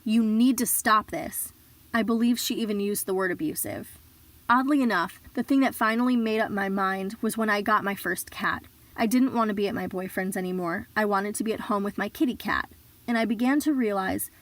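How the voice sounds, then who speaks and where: A woman reading a survivor's memoir aloud in an earnest, measured storytelling voice. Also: medium pitch, no echo. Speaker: reader of survivor stories.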